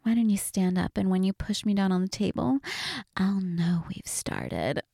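A woman voicing a defiant young waitress in a scripted audio role-play, teasing and sarcastic, then pleading, with a breathy voice. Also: steady tone, fairly quick, warm tone, no echo, clean studio sound, lightly acted. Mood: bratty. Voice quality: breathy, swings between low murmurs and high cries.

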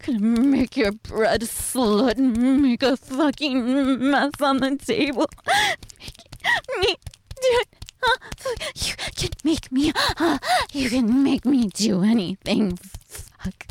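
Woman doing a high voiced submissive young wife, slow and breathy, begging in an adult audio roleplay. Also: lively intonation, slight background noise. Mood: aroused.

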